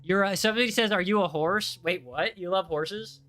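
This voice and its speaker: A young man hosting a casual game livestream, reading chat aloud in an excitable, jokey way with frequent restarts. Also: high voice, moderate pace, soft background music. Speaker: livestream host.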